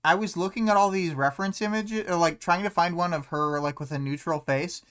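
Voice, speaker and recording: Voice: mid-range voice, brisk, a bit bright, clean tone. A co-host in a casual livestream discussion, laid-back and rambling, laughing often and swearing casually. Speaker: podcast co-host.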